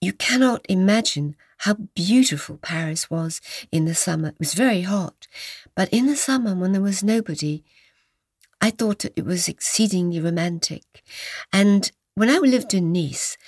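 An older woman from England, a guest telling stories of her past in a gently animated, reminiscing way. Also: mid-range voice, creaky, breathy edge, no echo, clean studio sound. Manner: reminiscing, gently animated, dips into soft whispers. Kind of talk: storytelling in an interview.

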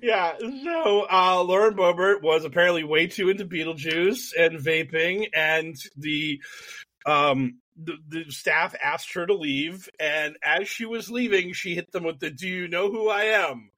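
A man's voice: a little high, unhurried, pushed and bright, no echo. A man hosting a casual political podcast over a call, rambling, self-deprecating and profane. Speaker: podcast host.

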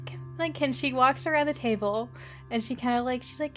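A woman's voice: high voice, fairly quick, fairly bright tone, soft background music. A woman player casually describing her character's actions in a tabletop game, in a playful manner.

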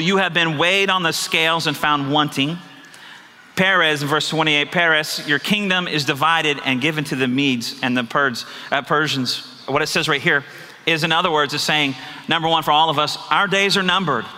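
A man's voice: fairly high pitch, sharp tone. A man pastor preaching a sermon, earnest and confessional, often asking his listeners rhetorical questions. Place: church sanctuary. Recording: reverberant church hall.

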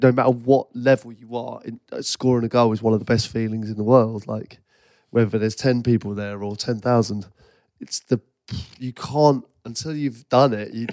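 A man's voice: medium pitch, darkish tone, no echo, studio quality. A man co-hosting a podcast in casual chat, easygoing and self-mocking, laughing often. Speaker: podcast co-host.

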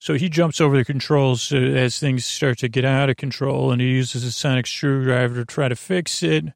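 A man with a gravelly, creaky voice hosts a podcast and casually recaps an episode, wandering through the plot with frequent pauses and filler sounds. His voice is recorded close and dry, with no room sound, and sits at an ordinary pitch. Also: steady tone, no room sound. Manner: rambling, halting retelling full of filler sounds. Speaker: podcast host.

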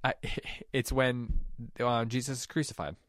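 A man's voice: mid-range voice, measured pace, dry recording, clean studio sound. A man co-hosting a book discussion podcast, reflecting aloud and reading passages from a story. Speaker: podcast co-host.

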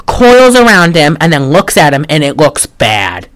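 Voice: mid-range voice, sing-song, a little slow, fairly bright tone. A podcast co-host recapping a film in casual chat, rambling with lots of "like" and wry, sarcastic asides. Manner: trails off and restarts often.

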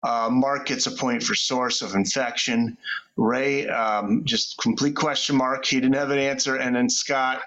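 A man's voice: mid-range voice, steady tone, measured pace, fairly bright tone, muffled recording. A man hosting a live podcast show, chatting casually, laughing often and running trivia questions. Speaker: podcast host.

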